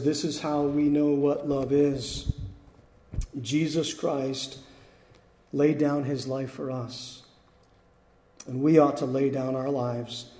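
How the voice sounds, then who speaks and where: Man, pastor, sermon, earnest and emphatic, mellow tone, long echo of a large hall. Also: a little high. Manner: earnest preaching, slow emphatic phrases that drop soft at the ends. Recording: echoey hall with long reverb.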